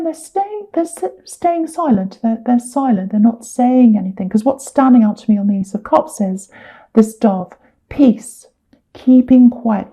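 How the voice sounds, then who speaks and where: A woman's voice: fairly high pitch, mellow, husky. A woman giving a casual tarot reading, rambling, repeating words and correcting herself mid-sentence. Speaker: tarot reader.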